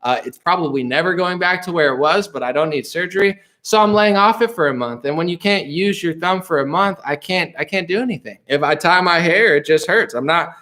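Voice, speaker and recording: Guy on a live stream going through chat, kinda high voice, rambly, lots of whatevers. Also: a little fast, few pauses, pushed and bright. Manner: rambling, restarts, dismissive asides.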